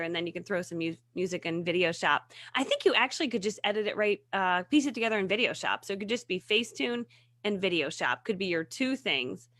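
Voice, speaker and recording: A woman in her thirties, a guest on a morning talk show, chatting casually and telling animated stories, laughing often. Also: medium pitch, dry recording. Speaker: guest, video marketing coach. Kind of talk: casual chat.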